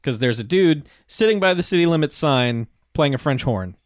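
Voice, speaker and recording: A man's voice: a little high, lively intonation, normal speed, dry recording, clean studio sound. A man casually recapping a movie with a friend, joking and acting out the characters in silly voices. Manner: jokey, acts out characters in silly voices, laughs often. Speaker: podcast co-host.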